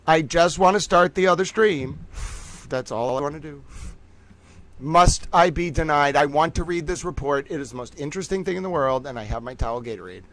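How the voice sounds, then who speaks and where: A man's voice: a little high, animated, fast, a bit bright. A man hosting a casual livestream, talking to his chat with theatrical mock outrage while fiddling with his computer. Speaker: livestream host.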